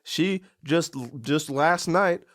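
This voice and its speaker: A man's voice: fairly high pitch, takes it slowly, a bit bright, no room sound, clean studio sound. Enthusiastic young man guest, slangy. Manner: enthusiastic, slangy, jokey reactions. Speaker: podcast guest. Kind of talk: casual movie review chat.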